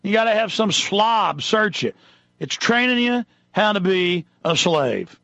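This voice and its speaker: A man's voice: sits high, expressive, measured pace, vocal fry, bright, forceful tone, no echo, dull audio. A man hosting a talk radio show, ranting indignantly and reading news items aloud in an impassioned monologue.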